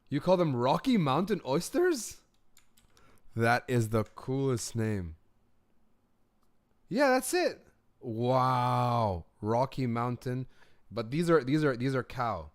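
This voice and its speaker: A young man hosting a live reaction stream from home, chatting casually and excitedly about viewers' comments. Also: mid-range voice, slow pace, pauses often, no echo, clean studio sound. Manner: excitable, chatty, laughs easily. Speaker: reaction channel host.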